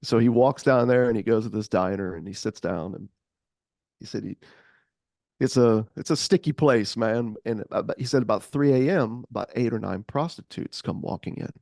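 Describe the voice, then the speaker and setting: Gravelly man telling a story. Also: on the low side, a little fast, no room sound, clean studio sound. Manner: animated, acts out voices. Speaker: podcast co-host. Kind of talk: casual storytelling.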